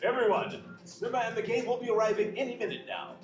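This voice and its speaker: A man hosting a live theme park pre-show, theatrical and upbeat as he warms up the crowd. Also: very high voice, fairly even intonation, quick pace, reverberant, soft background music. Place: outdoor theme park stage.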